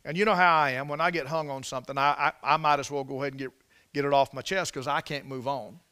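A man's voice: medium pitch, steady tone, fast talker, sharp tone, smooth. A man preaching a sermon, telling folksy stories with repeated and restarted phrases and building to emphatic peaks on scripture. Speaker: pastor.

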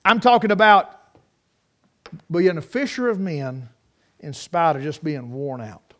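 Preacher guy, pretty high voice, goes loud then drops way down soft. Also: unhurried. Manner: swings from loud ringing peaks to low quiet storytelling. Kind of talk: sermon.

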